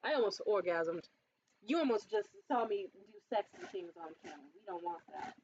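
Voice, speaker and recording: A young woman in casual vlog chat about a beauty haul, animated and swearing freely, jumping up high when quoting others. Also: brisk, highs cut off, slight background noise. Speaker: beauty vlogger. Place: bedroom.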